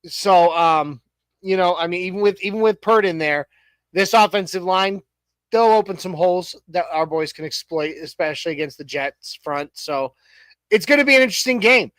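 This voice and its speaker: High-voiced rambling sports talk host. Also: male voice, normal speed, fairly bright tone, no room sound, low-quality recording. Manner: rambling, lots of restarts and fillers, joking. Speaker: podcast co-host. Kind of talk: casual sports talk show chat.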